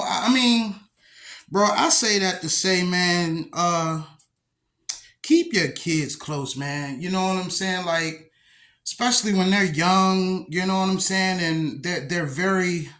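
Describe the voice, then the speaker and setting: A young man casually telling a story from his own life, profane and streetwise, acting out the dialogue as he goes. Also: high voice. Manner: profane, streetwise, animated retelling with acted-out dialogue.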